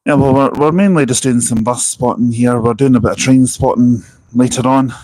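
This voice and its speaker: A man's voice: medium pitch, fairly quick, a little mellow, no echo, poor audio. A man hosting a casual live vlog outdoors at a bus station, talking earnestly and chattily into a handheld mic. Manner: earnest, chatty, with frequent restarts. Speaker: vlogger. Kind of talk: casual live-stream chat. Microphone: handheld wireless mic.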